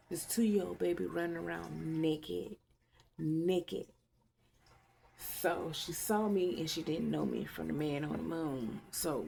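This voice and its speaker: A woman talks straight to her viewers in a casual vlog. She is blunt, profane and opinionated. Her voice sits a little low, with a heavy gravelly fry. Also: darkish tone. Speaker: YouTube vlogger.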